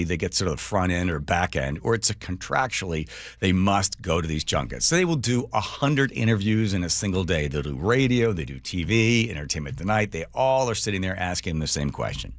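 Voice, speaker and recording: A middle-aged man hosting a radio talk show, telling a long anecdote in a wry, animated way. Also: sits low, fairly quick, no echo. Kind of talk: casual storytelling monologue. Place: radio studio. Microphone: studio microphone.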